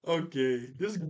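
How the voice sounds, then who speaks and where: A man's voice: fairly high pitch, muffled recording. A man casually recapping a cartoon episode scene by scene, laughing often as he goes. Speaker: cartoon reviewer.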